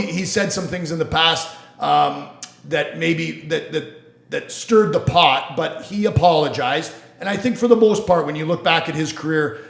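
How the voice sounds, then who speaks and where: A man's voice: a little high, gravelly. Blunt, swearing man in an echoey room. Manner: blunt, swears freely, mocks people in voices. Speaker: podcast host, lawyer. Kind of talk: casual sports and law talk.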